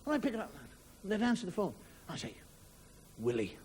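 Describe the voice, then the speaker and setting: A man's voice: high voice, lively intonation, rapid-fire. A middle-aged Irish man telling a wry stand-up story, acting out voices, in a 1990 TV studio with an audience. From Ireland. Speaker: comedian. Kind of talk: stand-up monologue. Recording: 1990 TV broadcast with audience noise. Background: audience laughter.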